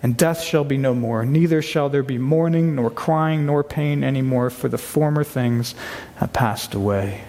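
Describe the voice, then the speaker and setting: A man's voice: medium pitch, normal speed, darkish tone, long reverb tail. A man preaching a sermon to his church, reading scripture aloud with earnest emphasis. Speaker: pastor. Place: church sanctuary.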